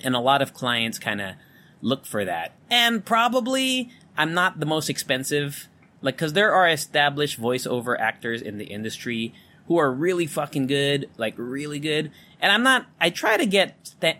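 Recording a casual solo podcast monologue at home on a studio condenser mic, with an electric fan running, this Philippines-born host speaks with a neutral American accent. His voice sits on the high side, very animated, bright and forceful, at a normal speed, as he talks loosely and candidly with free swearing.

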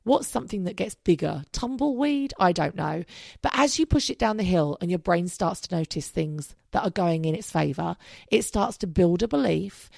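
A woman's voice: on the low side, lively intonation, moderate pace, darkish tone, no echo, clean studio sound. A woman in her thirties hosting a podcast, talking casually and upbeat, swearing now and then and rambling off track. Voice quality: gravelly vocal fry. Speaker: podcast host. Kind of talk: casual solo podcast monologue.

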